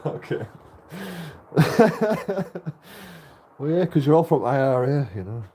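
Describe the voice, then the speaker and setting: A man's voice: a little high, very animated, slow pace, noisy background. Laughing, swearing Irish man. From Ireland. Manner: laughs often through his stories, swears freely. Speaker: streamer. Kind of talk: casual livestream chat.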